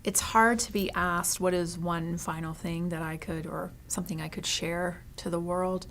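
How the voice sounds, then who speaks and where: A woman's voice: fairly low pitch, steady tone, moderate pace, a bit bright, slight background noise. A woman who owns a consignment store, speaking as an interview guest in an earnest, heartfelt way and often tagging her sentences with "you know" and "right".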